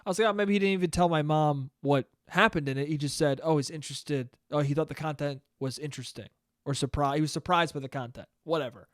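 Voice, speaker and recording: A young man telling a rambling, profane story alone on his podcast, bursting into loud outbursts. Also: on the high side, quick pace, dry recording, studio quality. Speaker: podcast host. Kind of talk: solo podcast monologue.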